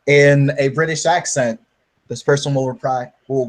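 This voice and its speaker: A man's voice: mid-range voice, fairly even intonation, normal speed. A man chats casually during a tabletop game. He jokes loosely and restarts his sentences with stammers. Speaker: player.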